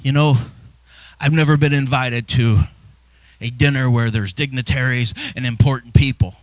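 A male pastor preaching a sermon, building from soft, low passages into impassioned shouts. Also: fairly even intonation, moderate pace, no echo.

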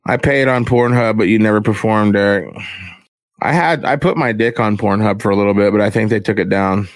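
A man's voice: steady tone, fairly quick, no echo. A young man talking in a crude, rambling, profane casual chat. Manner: crude, rambling, profane, mimics others in high voices.

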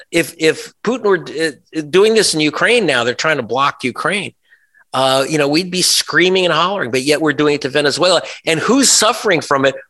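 A man's voice: on the high side, sharp tone. A man, a journalist guest in an interview, talking in an emphatic, sarcastic way with many restarts and asides. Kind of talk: conversational interview.

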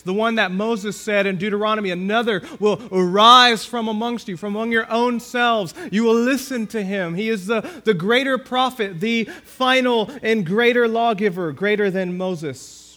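A pastor with a high-pitched voice preaches a sermon, reading scripture slowly. He leans hard on key phrases and often drops to a hushed tone.

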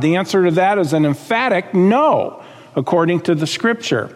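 A man's voice: high-pitched, lively intonation, moderate pace, long reverb tail. A man preaching a sermon, emphatic and repetitive, often checking in with the listeners. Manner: emphatic, repeats key phrases, checks in with "okay?".

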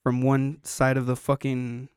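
A male podcast host with a clear, resonant, medium-pitched voice tells a story in unhurried, casual chat full of profanity. He's animated and acts out what people said. The sound is studio quality with no echo.

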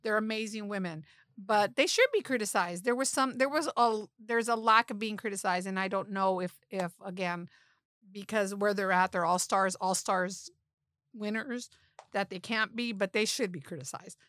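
A woman's voice: medium pitch, moderate pace, a bit bright, dry recording, studio quality. A middle-aged woman chatting casually as a podcast guest, blunt and swearing, often restarting her sentences. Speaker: guest, mother-in-law.

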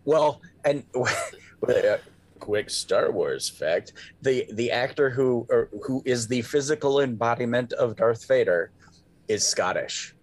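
A man co-hosting a podcast in casual chat, halting and repeating words as he gets going. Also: medium pitch, lively intonation.

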